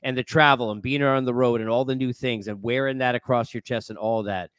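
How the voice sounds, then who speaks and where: A man's voice: medium pitch, fairly even intonation, fairly quick, a bit bright, clean tone, no echo. Talky host guy, loops around his questions, dry close sound. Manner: rambling, restarts questions, chatty. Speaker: baseball broadcaster, host. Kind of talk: casual interview.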